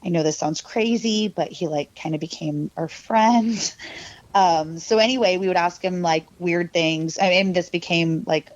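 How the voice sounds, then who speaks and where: A woman tells a scary personal story in a loose, rambling podcast chat, full of fillers and little laughs. Her voice sits on the low side. The recording is dry and slightly dull, with no room sound. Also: unhurried, no room sound. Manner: mimics her younger self and cousin in quoted lines. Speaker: podcast guest. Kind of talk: casual storytelling.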